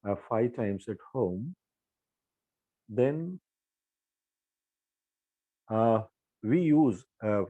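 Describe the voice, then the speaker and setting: An older man with an Indian English accent teaches grammar in a mellow, warm voice. He explains patiently and runs through drill sentences aloud. The sound is dry and close. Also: lowish voice, no room sound, highs cut off. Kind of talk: spoken grammar lesson.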